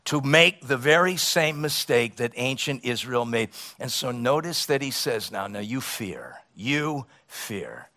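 A man preaching a sermon, swinging between soft, quiet passages and loud, emphatic ones. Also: mid-range voice, sing-song, unhurried. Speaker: pastor.

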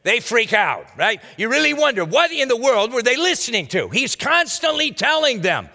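A man's voice: high voice, sing-song, normal speed, few pauses, sharp tone, big-room sound. A man preaching a sermon as a pastor, teaching verse by verse in a conversational, folksy way with casual asides. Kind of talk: expository sermon.

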